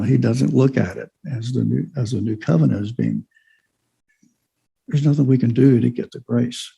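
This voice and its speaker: A man's voice: mid-range voice, vocal fry, dark tone, slightly rough, highs cut off. A man giving an informal church Bible lesson, rambling with many fillers and restarts. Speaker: Bible study teacher.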